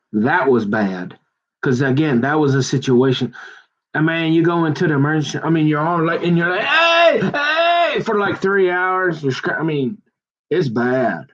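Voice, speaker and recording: A middle-aged man chatting away in a loose, digressive ramble full of folksy phrasing. His voice sits a little higher than most men's. The recording is dull and lo-fi. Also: moderate pace. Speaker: vlogger. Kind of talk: rambling casual chat.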